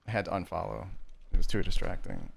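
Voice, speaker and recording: Guy streaming games, lowish voice, rambly casual chat with viewers, keeps correcting himself. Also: huge pitch swings, fast, gravelly, husky. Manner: rambling, loose and self-correcting. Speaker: video game streamer.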